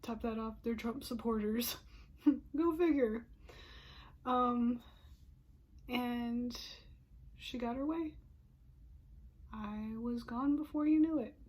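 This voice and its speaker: A woman's voice: on the high side, steady tone, takes it slowly, long pauses, a little mellow, slightly rough. A young adult woman vlogger telling a personal story in a storytime monologue, emotional and often dropping into whispered asides, with frequent "you know" fillers.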